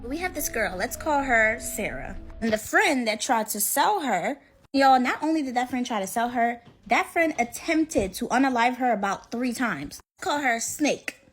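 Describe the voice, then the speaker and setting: A woman with a fairly high voice launches a scary story time in a loose, slangy manner, speaking straight to her listeners. Faint music runs beneath her. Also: expressive, normal speed. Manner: chatty, slangy, addresses listeners as "y'all". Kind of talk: casual storytime narration.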